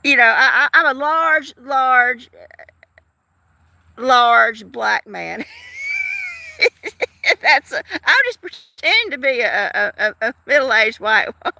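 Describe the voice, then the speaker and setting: A woman in her fifties hosts her own live stream, talking to viewers in a loose, rambling way. Her voice sits high and has a gravelly fry. It has a bright, sharp edge, recorded dry and close. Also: sing-song, takes it slowly, dry recording. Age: 50s. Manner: rambling, chatty, with frequent restarts and laughs. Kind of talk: casual live stream chat.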